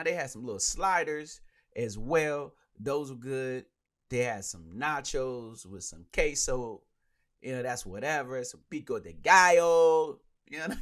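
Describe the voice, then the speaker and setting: Brief: male podcast host, fairly high bright voice, riffs and rants casually. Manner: animated, ranting, joking. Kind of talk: casual solo sports talk.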